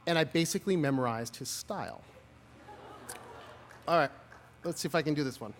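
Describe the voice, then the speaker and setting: A man's voice: on the high side, brisk, in a large hall, a little hiss or hum. A man in his forties giving a commencement speech outdoors, telling stories with humor and self-deprecating asides. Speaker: commencement speaker. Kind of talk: graduation speech. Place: outdoor lawn ceremony.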